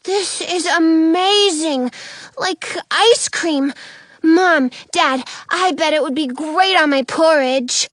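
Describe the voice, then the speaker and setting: A woman voicing an excited little girl bear cub who squeals and chants eagerly. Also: very high voice, slow pace, dry recording, studio quality, pitched above the performer's own voice, full character voice. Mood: delighted.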